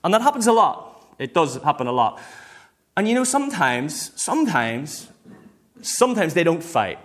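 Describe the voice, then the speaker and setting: A man, a pastor preaching a sermon in a lively, conversational way. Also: on the high side, normal speed.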